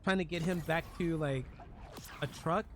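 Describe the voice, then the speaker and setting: A male streamer with a fairly high pitch and moderate pace jokes and chats casually with his viewers mid-game, staying animated throughout. A little hiss or hum runs beneath his voice.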